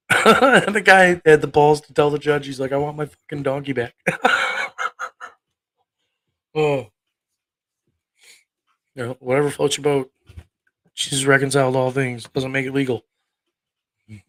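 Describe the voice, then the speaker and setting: A man in his thirties hosts a casual livestream, rambling and cursing bluntly as he speaks to his viewers. His voice is medium-pitched and fairly bright, captured in a low-quality recording.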